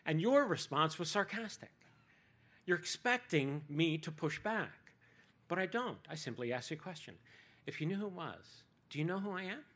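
Preacher voicing Jesus, questioning teacher, probing, rising and insistent. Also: male voice, on the high side, expressive, moderate pace, a bit bright, pitched above the performer's own voice.

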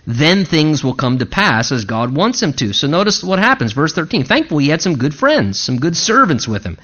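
A man preaching a sermon in an animated way, now and then acting out indignant voices. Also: on the high side, normal speed, lo-fi sound. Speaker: pastor.

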